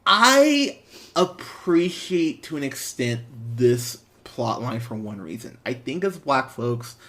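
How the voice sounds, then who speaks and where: Animated man rambling through a movie review. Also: medium pitch, slow. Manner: rambling, animated, laughs often, fillers and restarts. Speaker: podcast host, movie reviewer. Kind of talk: casual spoken movie review.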